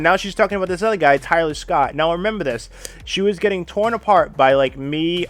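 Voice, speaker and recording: A man's voice: on the high side, animated, fast talker, a bit bright, no room sound. A man hosting a drama commentary stream, reading a script, then ranting in a profane, repetitive and exasperated way.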